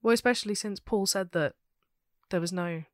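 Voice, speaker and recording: A woman with a London accent, co-hosting a podcast and telling a true crime case in a steady, matter-of-fact way with dry asides. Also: medium pitch, moderate pace, no room sound. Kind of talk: casual chat reading out researched notes.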